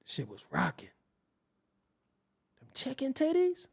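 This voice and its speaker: A man with a gravelly, rough-edged voice spins a casual, profane story. His pitch swings up and down as he rambles. He sounds like a show host talking straight to his viewers. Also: huge pitch swings, slow.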